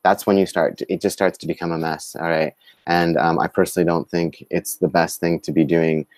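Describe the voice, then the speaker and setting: A man co-hosting a live-streamed talk show, speaking in a halting way with many fillers and restarts. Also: low-pitched, level tone, darkish tone, no room sound. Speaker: co-host. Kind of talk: live-streamed casual discussion.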